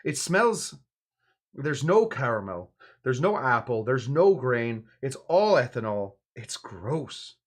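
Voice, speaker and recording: A man's voice: mid-range voice, big pitch swings, slow. A man hosting a casual drinks livestream, rambling and hesitant, bluntly critical of what he tastes. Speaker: livestream drinks show host.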